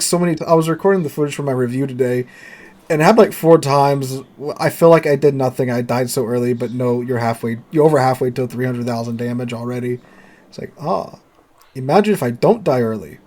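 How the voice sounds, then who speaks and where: Animated man chatting about a game. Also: fast. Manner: animated, jumps to high mock voices. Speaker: podcast co-host. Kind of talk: casual gaming chat.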